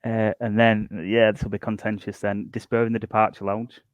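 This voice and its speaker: A man on a podcast, talking casually and hesitantly with many pauses and fillers. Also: fairly low pitch, flat delivery, no room sound. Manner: hesitant, many uhs and ums while listing songs. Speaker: podcast guest. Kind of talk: casual chat.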